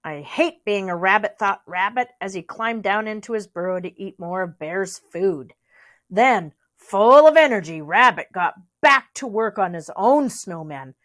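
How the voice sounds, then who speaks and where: A woman's voice: medium pitch, lively intonation, a little slow. A young adult woman reading a storybook aloud, with chatty asides to young listeners. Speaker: reader.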